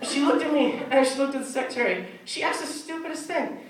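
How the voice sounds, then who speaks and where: A teenage boy doing animated stand-up comedy on a stage, slipping into silly voices. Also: very high-pitched, quick pace. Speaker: stand-up performer. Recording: echoey hall from far off, noisy.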